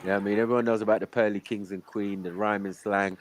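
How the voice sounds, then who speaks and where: A man from London hosting a casual live panel chat, emphatic, often dropping to low murmurs. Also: little pitch movement, quick pace, a little hiss or hum. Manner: emphatic, drops to low murmurs, frequent "you know what I mean".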